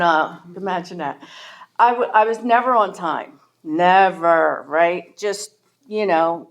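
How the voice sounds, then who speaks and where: A woman's voice: on the low side, gravelly. A middle-aged woman speaking candidly and self-deprecatingly about her own recovery at a meeting, with a Philadelphia-area American accent and lots of casual fillers. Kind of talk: personal recovery talk.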